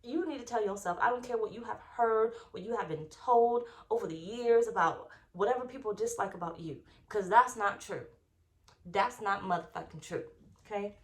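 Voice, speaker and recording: A woman's voice: mid-range voice, moderate pace. A young adult woman giving a casual, rambling tarot reading, swearing often and talking with emphatic, fired-up force. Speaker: tarot reader.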